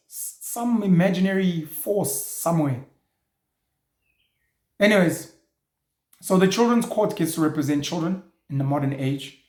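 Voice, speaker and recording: A man's voice: on the high side, darkish tone. Blunt ranting man, echoey room. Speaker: show host. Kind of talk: opinionated monologue.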